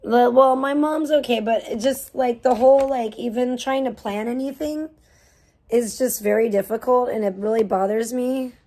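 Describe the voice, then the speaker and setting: A young woman talks straight to her live-stream viewers in a loose, rambling vent. Her voice sits a little high, and her frustration comes out in frequent swearing between fillers. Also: normal speed, dark tone. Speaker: livestreamer. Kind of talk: casual live-stream venting.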